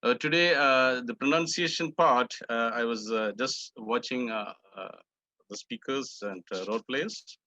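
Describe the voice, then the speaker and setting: A man's voice: medium pitch, measured pace, bright, forceful tone, no echo. A man with an Indian English accent reports as a club's pronunciation master, with many "uh" fillers and repeated drilled words. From Indian subcontinent. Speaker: pronunciation master at a club meeting. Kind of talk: meeting report, correcting pronunciations.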